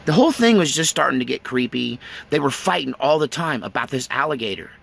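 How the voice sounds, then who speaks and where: A man's voice: medium pitch, lively intonation, a little fast, vocal fry, a bit bright. A man from East Texas telling a rambling story in a casual way, chuckling between lines.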